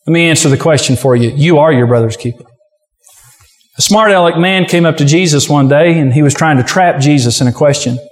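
A pastor preaching a sermon with forceful, repetitive exhortation. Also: male voice, a little high, brisk, big-room sound.

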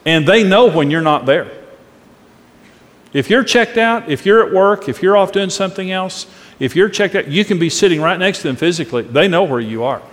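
A man's voice: high-pitched, lively intonation, moderate pace. A middle-aged man preaching a sermon on marriage, earnest and emphatic, acting out different tones of voice as examples. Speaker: pastor teaching on marriage. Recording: long reverb of a large hall.

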